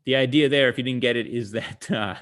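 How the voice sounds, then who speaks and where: A male comedian telling jokes and stories in a chatty way over a video call, often pausing to explain the punchline and using plenty of "uh" fillers. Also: mid-range voice, fairly bright tone. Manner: acts out characters' lines in quoted voices. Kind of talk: comic storytelling talk.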